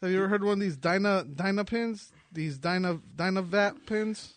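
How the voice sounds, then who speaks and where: A man's voice: sits high, moderate pace, dry recording. A man co-hosting a casual comedy podcast, asking hesitant, stammering questions. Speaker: podcast co-host. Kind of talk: casual stoner podcast chat.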